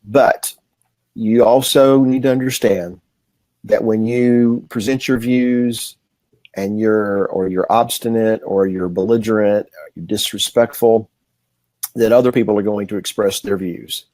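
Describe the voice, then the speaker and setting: Low-voiced deliberate man co-host. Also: fairly even intonation, warm tone, dry recording. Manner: measured, deliberate, folksy. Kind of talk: casual political talk show chat.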